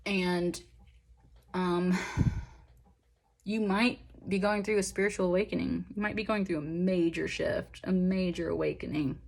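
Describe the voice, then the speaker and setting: Young woman, slightly low voice, tarot reader; earnest, emotional, encouraging, talks in loose rambling asides. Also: steady tone, measured pace, gravelly. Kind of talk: pick-a-pile tarot reading.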